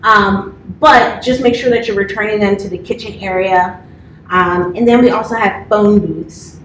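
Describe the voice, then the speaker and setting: A woman in her thirties talks a new class through an orientation, her delivery loose and chatty with plenty of filler words. The sound is roomy and echoey, picked up by a mic some distance away, with a faint hiss underneath. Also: mid-range voice. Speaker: campus manager. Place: office classroom.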